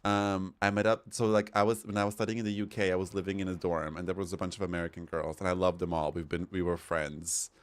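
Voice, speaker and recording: A man from Europe with a slightly low voice, chatting casually as a streamer while he plays. He tells stories in a campy, animated way and swears freely. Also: quick pace, few pauses. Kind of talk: casual chat while gaming.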